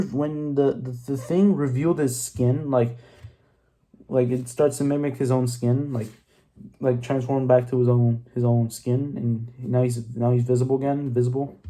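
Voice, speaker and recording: A man's voice: medium pitch, dark tone. A young man casually recapping a film, rambling and correcting himself, laughing often and swearing freely. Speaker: movie reviewer.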